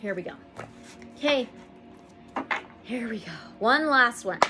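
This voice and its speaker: Woman tarot reader, casual reading to camera, gushing and excitable, fairly high voice, soft music behind. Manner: reads card meanings aloud slowly.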